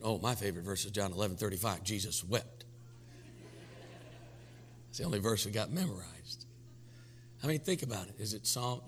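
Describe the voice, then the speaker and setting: A man's voice: on the low side, long reverb tail, slight background noise. Folksy preacher man with a tired voice. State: weak in voice. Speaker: pastor. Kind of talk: sermon.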